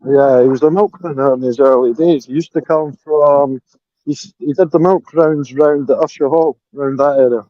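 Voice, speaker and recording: A man with a soft Edinburgh Scottish accent talks in a relaxed, unhurried way, dropping the odd swear word. His voice sounds dark and mellow. The call audio is dry and muffled. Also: medium pitch, no echo. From Scotland. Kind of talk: casual online voice chat. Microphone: new headphones, holding phone.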